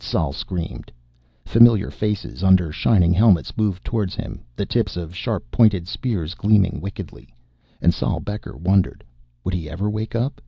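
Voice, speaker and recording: A man narrates a horror story in a very deep, gravelly voice with a husky edge. The recording is dull and dry, like a simple home setup. He reads steadily and shapes each scene with care. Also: measured pace, dry recording. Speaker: audiobook narrator. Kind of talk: scripted narration.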